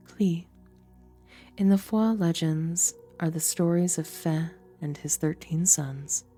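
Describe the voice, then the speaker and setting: A young adult woman, a streamer and voice actor, reads game lore aloud in a theatrical, deliberate storybook style. Her voice sits low with a dark tone.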